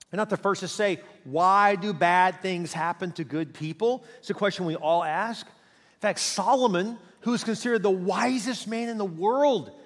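Passionate male preacher in a reverberant hall. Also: high voice. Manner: passionate preaching with big swings in loudness and pace. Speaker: pastor. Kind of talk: sermon.

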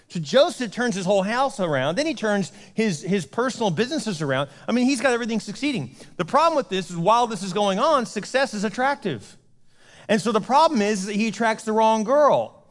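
A man's voice: sits high, big pitch swings, fairly quick. A man preaching a casual, joking sermon as pastor, telling a story and acting out the characters' voices. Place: church sanctuary. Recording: long hall reverb.

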